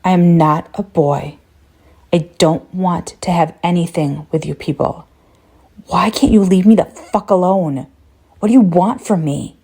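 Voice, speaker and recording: A woman's voice: medium pitch, animated, unhurried, creaky, slightly rough, full character voice. A woman doing a furious, scared young man. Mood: defiant. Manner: defiant, shouting, swearing.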